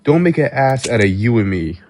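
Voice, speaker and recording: A man's voice: mid-range voice, big pitch swings, brisk, darkish tone, a little hiss or hum. A stammering, profane guy ranting. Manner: stammering, profane, laughs often. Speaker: vlogger. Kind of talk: casual rant.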